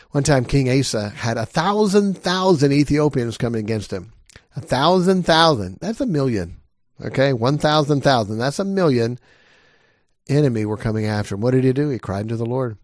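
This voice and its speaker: A man's voice: mid-range voice, a little mellow, dry recording, clean studio sound. A middle-aged man preaching a sermon as a pastor, earnest and emphatic, pressing his listeners with repeated questions.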